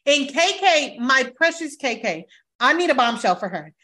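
A podcast host, a woman with a high-pitched, sharp, very animated voice, chats casually at normal speed. She's blunt and emphatic, swears freely, and acts out what other people said.

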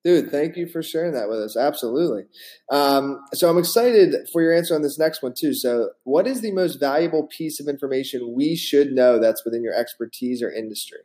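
A man hosts a podcast interview in a mellow, warm voice, casual and upbeat. He introduces guests and asks questions with easygoing friendliness. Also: a little high, a little fast. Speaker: podcast host.

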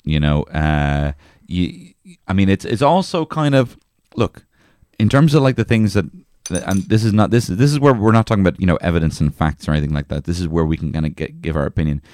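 A man co-hosting a comedy podcast, rambling and crude with halting restarts. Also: low voice, animated, a little mellow, dry recording. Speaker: podcast co-host. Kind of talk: casual comedy chat.

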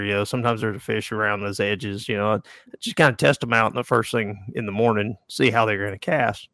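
A man's voice: fairly low pitch, fairly even intonation, fairly quick, fairly bright tone, no echo. A man who works as a fishing guide, telling a customer story in casual podcast chat with dry, easygoing humor. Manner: laid-back storyteller, dry humor, chuckles.

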